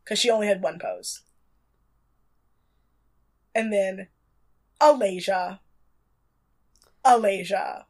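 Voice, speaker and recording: A woman's voice: mid-range voice, slow pace, long pauses, darkish tone. A woman co-hosting a casual chat show, wry and chatty, stretching words out for emphasis. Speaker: podcast co-host recapping a reality show.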